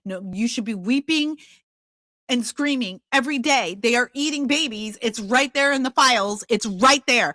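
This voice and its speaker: A woman in her fifties hosting a podcast, giving impassioned, confrontational commentary that bursts into loud outbursts. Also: a little high, moderate pace, no echo. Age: 50s. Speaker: podcast host.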